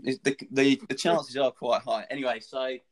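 A young man telling a funny anecdote in a casual, animated, sweary way, laughing along as he goes. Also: mid-range voice, normal speed.

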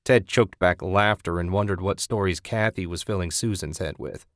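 Male audiobook narrator, measured delivery, low pitch, dry close recording. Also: dry recording.

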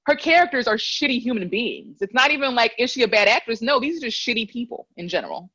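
A woman's voice: fairly high pitch, lively intonation, fast talker, pushed and bright, husky, muffled recording. A woman co-hosting a podcast, chatting casually and sarcastically about a film, reading from her notes and laughing often. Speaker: podcast co-host. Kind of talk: casual movie review chat.

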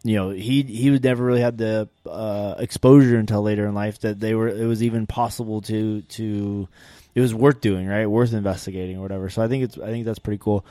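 A man's voice: lowish voice, steady tone, a little fast, warm tone, no echo. A man in casual podcast chat, laid-back, often giving short agreements.

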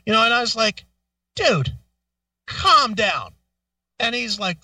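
Bright, animated, cursing male storyteller. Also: high-pitched, normal speed, pauses often, no room sound, recorded from a distance. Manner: profane, animated storyteller acting out quotes. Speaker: radio show co-host. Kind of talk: casual storytelling chat.

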